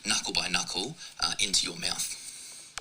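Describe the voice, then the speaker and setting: A deep-voiced man reading out a deadpan mock-scientific fact in a phone voice note. His tone is very bright and sharp, with faint noise behind. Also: unhurried, rough recording. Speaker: dating app voice note sender.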